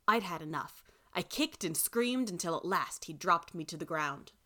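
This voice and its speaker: A woman reading a first-person story aloud in an expressive way. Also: fairly low pitch, moderate pace. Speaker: reader.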